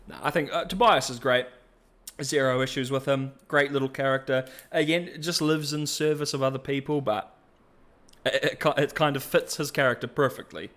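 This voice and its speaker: A man's voice: medium pitch, steady tone, moderate pace, a bit bright. A male podcast host chatting casually, rambling and self-deprecating, laughing often. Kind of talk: casual commentary.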